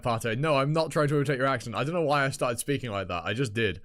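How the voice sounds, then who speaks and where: A man's voice: mid-range voice, quick pace, fairly bright tone. A young man chatting casually on a live reaction stream, rambling and swearing freely. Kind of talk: live reaction stream, reading a webtoon aloud.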